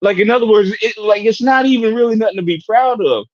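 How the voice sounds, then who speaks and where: Brief: high-pitched man on a podcast panel, stop-start delivery, dry and slightly muffled sound. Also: no room sound. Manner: halting, many restarts and fillers. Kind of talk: casual debate chat.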